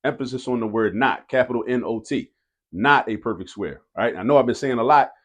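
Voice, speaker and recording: A man's voice: medium pitch, fast talker. A man teaching a math lesson, talking casually and directly to students, repeating each key rule for emphasis.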